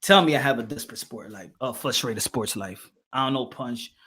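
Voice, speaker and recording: A man's voice: mid-range voice, moderate pace, sharp tone, slight background noise. A man hosting a casual livestream podcast, talking animatedly, repeating phrases and calling out to his chat. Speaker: podcast host.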